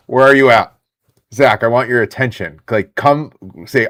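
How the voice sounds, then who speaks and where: A man in his thirties hosting a live card break stream, chatting excitedly with viewers in the chat. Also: mid-range voice, measured pace.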